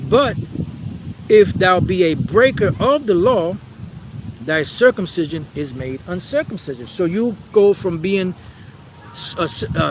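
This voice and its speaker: A man's voice: fairly high pitch, noisy background. A man teaching from the Bible in a preaching style, reading verses aloud and then explaining them with rhetorical questions and repeated phrases.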